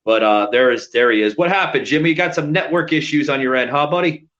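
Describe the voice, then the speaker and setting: A man's voice: on the high side, fast, fairly bright tone. A man co-hosting a podcast over a remote call, talking in an emphatic, profane way with lots of fillers. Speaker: podcast co-host. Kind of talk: casual heated chat. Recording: dull lo-fi sound.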